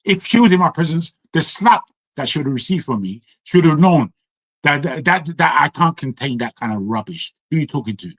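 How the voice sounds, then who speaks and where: A man from England speaking in an online discussion, defiant and forceful, firing heated rhetorical questions. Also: fairly high pitch, lively intonation, fairly quick, no room sound, low-quality recording. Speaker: audience speaker. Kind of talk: impassioned talk on an online call.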